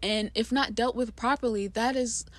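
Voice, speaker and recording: Her voice is a little high, her tone steady and her pace moderate, with no room sound. A poet, she explains a poem she wrote, casually and with passion, speaking emphatically in bursts and using lots of fillers.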